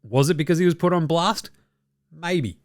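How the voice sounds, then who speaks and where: A man's voice: a little high, moderate pace, no room sound, studio quality. An Australian man hosting a basketball podcast, giving blunt, profane opinionated commentary. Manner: profane, ranting, does mocking quoted voices. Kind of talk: opinionated sports commentary chat.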